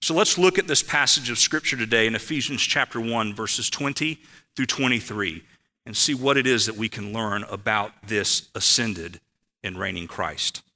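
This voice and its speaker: A male pastor delivers a sermon with animated storytelling and repeats his main points for emphasis. His voice is very bright and forward, and it rings out with a long reverb in a church sanctuary. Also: lowish voice, moderate pace.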